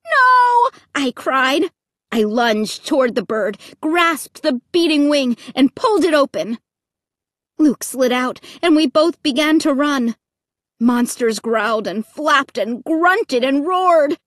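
High-voiced woman reading a thriller. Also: slow pace, no echo, clean studio sound. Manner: dramatic, expressive reading with shrieks. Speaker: audiobook narrator. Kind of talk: scripted first-person audiobook narration.

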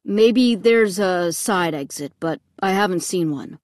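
A woman voicing a calm, soothing father, reading slowly from a storybook. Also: fairly low pitch, no echo, studio quality, lightly acted. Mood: doubtful. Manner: soothing, measured.

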